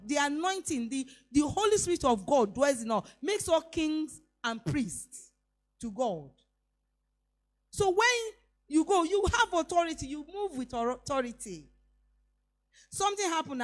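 A woman's voice: high-pitched, sing-song, normal speed. Emphatic Nigerian woman preaching. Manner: storytelling, switching into Yoruba phrases; emphatic, voice rising on declarations. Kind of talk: sermon with personal story.

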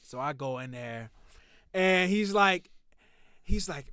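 A man in his thirties tells a story on a podcast, his voice pitched a little high and recorded dry and close. He talks with heat and swears freely, building the tale with animated energy. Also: slow, long pauses, smooth, no echo. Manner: profane, animated, heated storytelling. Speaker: podcast host telling a story. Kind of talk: casual storytelling.

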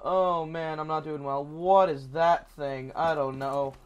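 Excitable young man narrating gameplay. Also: a little high, measured pace, clean tone, dull audio. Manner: excitable, swears often, yelps when startled. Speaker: gaming channel host. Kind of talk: casual gameplay commentary.

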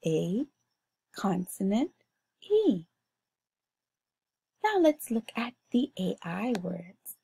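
A Bahamian woman teaching a phonics lesson to young children, sounding out words slowly and clearly in a sing-song way. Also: mid-range voice, warm tone.

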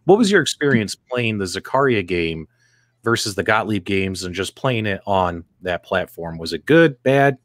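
Guy hosting a gaming podcast, lowish voice, dry close mic, gets animated. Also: moderate pace, no echo. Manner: animated, asks co-hosts questions. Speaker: podcast host. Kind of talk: casual podcast chat.

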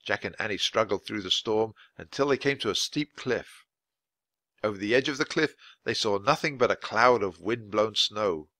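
A man reading a children's chapter book aloud for English learners, in clear, expressive storytelling. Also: fairly low pitch, moderate pace, no echo. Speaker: audiobook reader.

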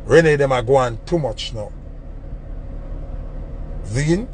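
A young man with a Jamaican accent, ranting in an animated, mocking way on a casual phone livestream. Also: mid-range voice, slow pace, a little hiss or hum. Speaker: entertainer on a livestream.

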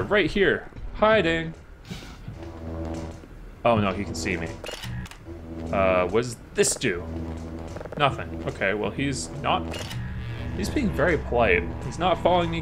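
A man's voice: fairly high pitch, animated, normal speed, pauses often, over music. A man casually commenting on his video game playthrough, joking and talking back to the characters on screen. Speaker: gaming channel host. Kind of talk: let's-play commentary.

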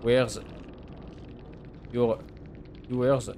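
A man's voice: medium pitch, level tone, extremely slow, a little mellow, slight background noise. A man, streaming a game live and mockingly teasing his opponents.

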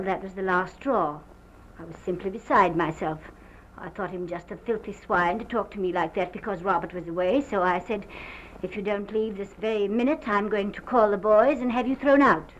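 An actress playing a distraught young wife who recounts a violent night in a halting, theatrical manner, from an early sound film drama. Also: female voice, medium pitch, lightly acted. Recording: dull lo-fi early film soundtrack with faint hiss.

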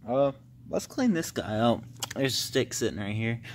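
A man's voice: medium pitch, sing-song, moderate pace, slight background noise. A young man vlogging as he explores a cold outdoor tunnel, rambling and out of breath, easily startled by sounds. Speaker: paranormal vlogger. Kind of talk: casual vlog exploring a tunnel.

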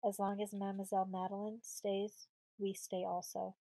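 A woman voicing a steady frontier husband who speaks gravely and reasons calmly. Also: mid-range voice, moderate pace, no echo, low-quality recording.

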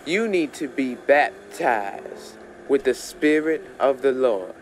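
A man voicing an elderly church woman who gently leads a young man through a prayer, slow and preacherly. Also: medium pitch, expressive, slight background noise. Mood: tender pleading.

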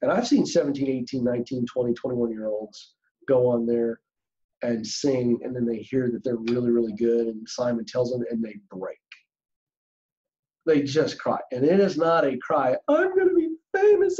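A man's voice: mid-range voice, mellow, muffled recording. A middle-aged man speaking as a guest career coach in a podcast interview, with an earnest, emphatic storytelling manner.

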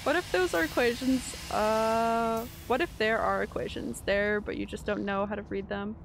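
A woman's voice: fairly high pitch, fairly even intonation, moderate pace, gravelly, slight background noise. A Canadian woman streaming a video game, chatting casually with her viewers and laughing often. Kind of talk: casual gameplay commentary.

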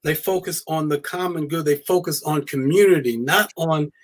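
Emphatic man, high voice, guest scholar. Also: moderate pace. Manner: animated, emphatic, with repetitions. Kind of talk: conversational live-stream interview.

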